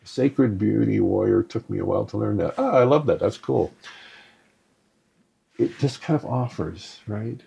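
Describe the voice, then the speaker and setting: A man's voice: lowish voice, a little slow, vocal fry, warm tone, slightly rough. A man giving a conversational spiritual teaching on a live stream, often checking in with "right?" and answering viewer comments. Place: live stream to an online audience.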